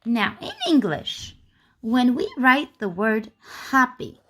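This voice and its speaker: A woman teaching a phonics lesson to young children, speaking slowly and clearly and repeating words. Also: a little high, expressive, bright, forceful tone.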